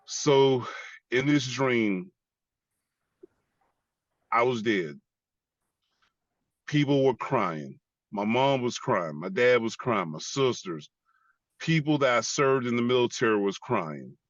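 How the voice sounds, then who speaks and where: A man's voice: mid-range voice, unhurried, fairly bright tone, no room sound, lo-fi sound. An American man, an army veteran, giving an earnest personal testimony as an interview guest and repeating phrases for emphasis. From United States.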